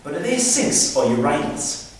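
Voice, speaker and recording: A man's voice: fairly high pitch, sing-song, normal speed. A man with a Geordie accent voicing a rowdy, dim, drunk young Geordie lad who talks in brash, squawky bursts. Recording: echoey room, distant mic, noisy.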